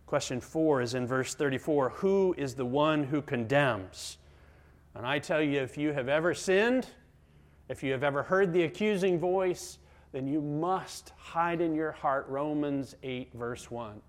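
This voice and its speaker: A middle-aged man preaches a sermon in a slightly raised register. He drives his points dramatically, leaning into loud emphasis and then sinking to near-whispers. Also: on the high side, measured pace. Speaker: pastor.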